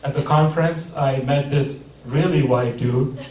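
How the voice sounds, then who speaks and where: A man doing a stand-up comedy set with a deadpan, mock-serious delivery. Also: mid-range voice, measured pace, a little hiss or hum. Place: comedy theater stage. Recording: echoey theater mic from a distance.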